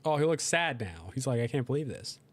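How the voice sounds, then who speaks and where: A young man giving casual, animated commentary while playing a life-sim game, talking to his characters and voicing their reactions. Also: mid-range voice, brisk. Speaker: gaming video creator.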